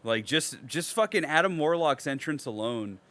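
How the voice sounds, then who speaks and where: Co-hosting a podcast, this young man has a slightly high voice and talks at a normal speed. The chat is casual, and he swings from excitable, profanity-laden talk to mumbling, then suddenly to loud outbursts.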